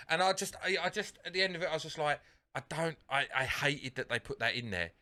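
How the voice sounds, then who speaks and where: A man co-hosting a casual podcast, his voice bright and cutting. He rambles through his points with plenty of swearing and false starts. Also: a little high, animated, fast talker. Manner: rambling, sweary, restarts often. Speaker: podcast co-host. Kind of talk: casual chat.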